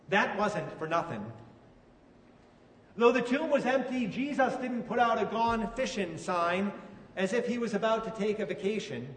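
A man's voice: high voice, a little hiss or hum. A man preaching a sermon in a conversational way, asking his listeners questions. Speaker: pastor. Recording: echoey hall, mic from far off.

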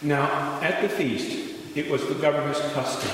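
A man serving as lector, giving a steady, measured liturgical gospel reading. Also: fairly high pitch, a little hiss or hum. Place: large church. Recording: echoey church hall, long reverb.

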